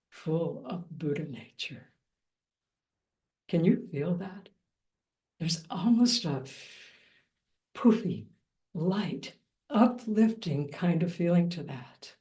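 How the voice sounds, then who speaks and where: A woman teaching Buddhist practice in a dharma talk, gentle and reflective with a light playful touch. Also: mid-range voice.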